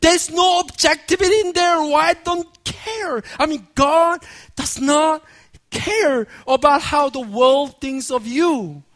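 This is a male pastor delivering a sermon. His voice sits high for a man. He moves between relaxed, laughing storytelling and loud, emphatic proclamation. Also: takes it slowly. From Korea. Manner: animated, laughing storyteller who builds to shouted emphasis.

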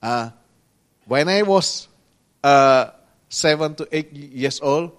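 A man preaching a sermon with a slow, earnest delivery, pausing often and pressing certain words, in non-native English grammar. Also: on the high side, expressive, fairly bright tone, clean tone. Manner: slow, earnest preaching with pauses and rising emphasis.

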